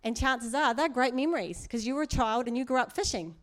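A woman's voice: fairly high pitch, lively intonation, brisk. A middle-aged woman preaching in a chatty, earnest way, with asides and laughs. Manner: conversational, earnest, laughs often, many asides. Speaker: church speaker. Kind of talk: sermon.

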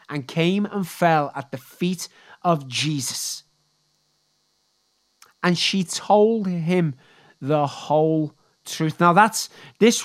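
A preacher giving a sermon in a deliberate, emphatic way, repeating key words for weight. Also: mid-range voice.

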